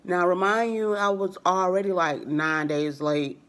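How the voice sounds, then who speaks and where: A woman's voice: on the low side, a little slow, a bit bright. A young woman vlogger telling a personal story in a casual, rambling way. She uses lots of fillers and keeps acting out what people said with "I was like.".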